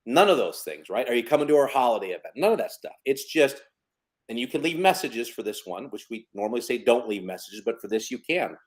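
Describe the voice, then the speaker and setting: A man's voice: mid-range voice, a little fast. Chatty man in his fifties giving advice. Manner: lively storyteller, acts out phone calls in quotes. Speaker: podcast co-host. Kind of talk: casual business advice talk.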